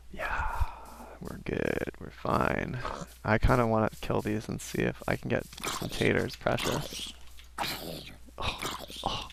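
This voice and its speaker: A man's voice: fairly low pitch, creaky, background noise. A young man giving casual, rambling commentary over a video game, with frequent self-aware asides. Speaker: gaming commentator. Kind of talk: casual let's-play commentary.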